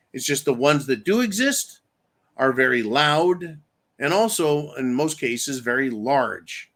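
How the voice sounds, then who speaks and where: A male host with a voice on the high side and a fairly bright tone rants angrily and profanely on his show. He also reads viewer comments aloud.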